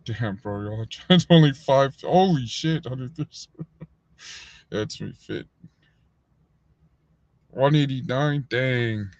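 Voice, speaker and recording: A man's voice: extremely slow, long pauses, a little mellow, dry recording. Profane man telling a rambling story. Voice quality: acts out other people's voices in a higher pitch. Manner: profane, rambling, many fillers. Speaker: livestream host. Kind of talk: casual storytelling. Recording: dull, lo-fi dry sound.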